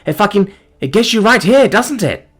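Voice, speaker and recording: A man's voice: mid-range voice, big pitch swings, normal speed, fairly bright tone, husky, pitched above the performer's own voice. A man voicing an angry, bitter young man who swears and sneers sarcastically. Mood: furious.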